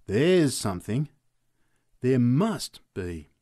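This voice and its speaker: A man doing a loud excitable drunk. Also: high-pitched, normal speed, pitched above the performer's own voice, exaggerated voice. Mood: awed. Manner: loud, excitable, slurring exclamations. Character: laughing male drunk in a street crowd.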